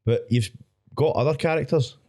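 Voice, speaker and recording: A man's voice: a little high, moderate pace, dark tone. A man with a Scottish accent, co-hosting a podcast, swearing casually and prompting his guest with questions. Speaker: podcast co-host.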